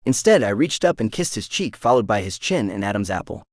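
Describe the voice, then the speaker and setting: A man narrating a first-person romance audiobook in an expressive reading voice, close to the mic. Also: lowish voice, fairly quick, no room sound.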